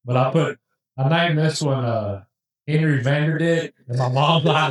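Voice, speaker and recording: Man, casual podcast storyteller, rambling and animated, slightly high voice, very echoey room. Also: normal speed. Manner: rambling, animated, many restarts and asides. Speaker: podcast host telling a hunting story.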